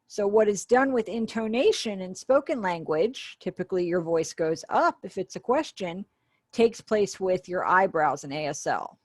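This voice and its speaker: With a medium pitch and a slightly mellow tone, this woman sounds animated and keeps a moderate pace. She is the ASL voice interpreter for a webinar teacher, giving spoken voice to a sign language class online and walking through it step by step, conversationally, with small asides. The audio is clean studio quality with no echo.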